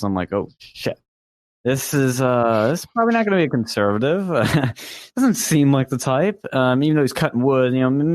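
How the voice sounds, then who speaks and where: A man's voice: medium pitch, dry recording. A young man co-hosting a casual talk show, telling a long story in a rambling way with many fillers and restarts. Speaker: podcast co-host.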